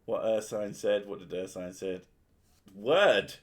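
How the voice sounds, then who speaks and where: A man's voice: on the low side, slow pace. A man streaming, chatting casually with a profane, joking manner and frequent laughter. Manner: profane, jokey, laughs often. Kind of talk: crude casual chat.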